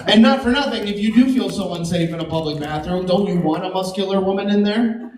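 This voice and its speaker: A man performing a stand-up comedy set, animated and jumping into silly high voices for his bits. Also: brisk. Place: comedy club stage. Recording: echoey club from a distance with crowd laughter. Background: audience laughing.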